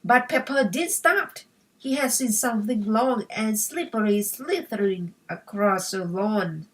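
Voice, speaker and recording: Slow, careful woman reading a storybook. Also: medium pitch, animated, far from the mic, poor audio. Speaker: storybook reader. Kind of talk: slow read-aloud for English learners.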